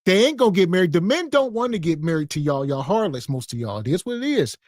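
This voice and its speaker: Podcast co-host, man, a bit high-pitched, blunt and scornful. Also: big pitch swings, fast, a little mellow, no room sound, studio quality. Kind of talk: casual commentary.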